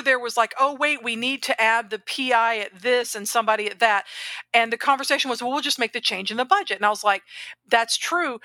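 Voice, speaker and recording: Bright high-ish woman, chatty podcast co-host, rambles and restarts a lot. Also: dry recording. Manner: animated, chatty, rambling with self-corrections. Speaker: podcast co-host, grant professional. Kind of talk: casual podcast chat.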